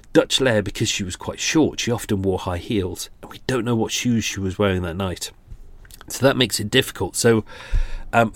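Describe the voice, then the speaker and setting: A man's voice: fairly low pitch, no room sound. A man in his forties hosting a true-crime podcast, talking casually with many restarts and self-deprecating asides. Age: 40s. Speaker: podcast host.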